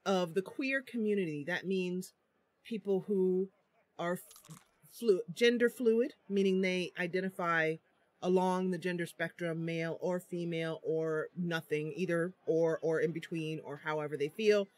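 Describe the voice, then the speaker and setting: A woman with a lowish, slightly mellow voice speaks unhurriedly in a dry recording. She's livestreaming a role-playing game, chatting casually, giggling a lot, and laughing often as she reads the dialogue aloud.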